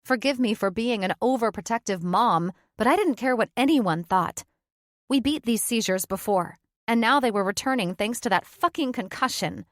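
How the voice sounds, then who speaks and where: A woman narrating a first-person audiobook in a steady, earnest storytelling manner. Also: fairly high pitch, normal speed, no echo, studio quality.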